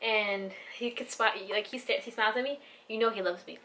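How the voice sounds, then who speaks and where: Quick-paced and fairly flat in pitch, a young woman's mid-range voice comes through a noisy background. She's a vlogger and new mother, speaking frankly from the heart to camera, dropping casual swears and plenty of "like" and "you know."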